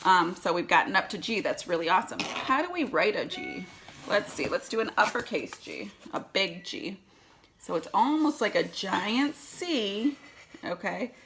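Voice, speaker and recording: A woman's voice: mid-range voice, expressive, moderate pace, a bit bright, a little hiss or hum. A woman teaching a circle time lesson to young children, encouraging and explaining each step in a sing-song way. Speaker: preschool teacher.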